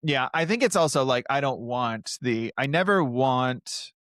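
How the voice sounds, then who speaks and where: A male podcast guest chats casually, delivering his jokes with a wry, deadpan edge. His voice sits at an ordinary middle pitch. The sound is dry and close-miked. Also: measured pace, no room sound. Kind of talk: casual chat.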